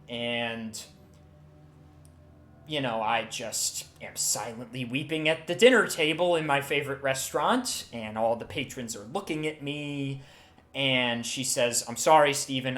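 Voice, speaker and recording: A man voicing a heartbroken man who tells of his lost love, halting and emotional. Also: medium pitch, a bit bright, natural voice. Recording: roomy echo, faint music.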